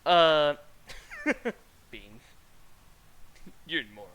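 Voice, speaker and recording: Bright-voiced young man telling a story. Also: on the high side, extremely slow, clean tone. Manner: rambling, laughing storyteller. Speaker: streamer and podcast host. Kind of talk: casual chat.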